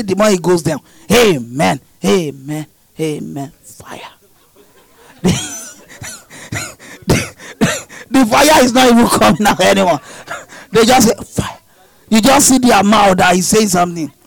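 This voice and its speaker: High, lively-voiced preaching man. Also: normal speed, gravelly, dry recording, rough recording. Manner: impassioned, shouting repeated prayer lines. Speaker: pastor. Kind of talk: preaching and praying over a congregation.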